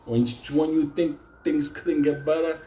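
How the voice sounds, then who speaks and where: A man telling a comic personal story in a casual, animated way, swearing constantly. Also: fairly high pitch, unhurried, echoey room, a little hiss or hum. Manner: heavy swearing, animated retelling.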